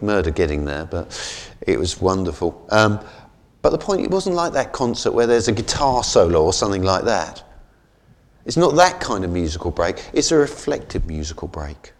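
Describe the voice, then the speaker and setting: A man preaching a sermon in a conversational way. He often adds "isn't it?" and slows down and softens on key phrases. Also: mid-range voice. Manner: conversational, keeps asking "isn't it?".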